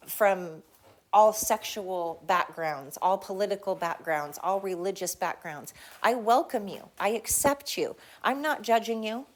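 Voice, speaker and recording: A woman hosting her own podcast, delivering a heated, blunt, profane solo rant with emphatic repetition. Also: fairly low pitch. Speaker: podcast host.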